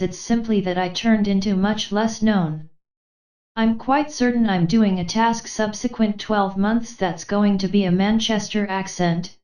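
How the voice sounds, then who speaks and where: A text-to-speech woman's voice reads a magazine interview from top to bottom. She delivers questions and answers in the same steady, machine-like way. The sound is roomy and a little muffled. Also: medium pitch. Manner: steady, mechanical read-through of questions and answers alike. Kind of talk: synthetic voice reading an article aloud. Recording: roomy, slightly dull sound.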